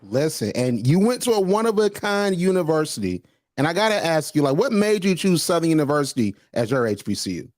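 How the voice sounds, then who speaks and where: Brief: male podcast host, animated swings in pitch, dry close sound, hyped and slangy. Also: fairly quick, no echo. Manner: energetic, repeats "listen", slangy. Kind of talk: casual interview.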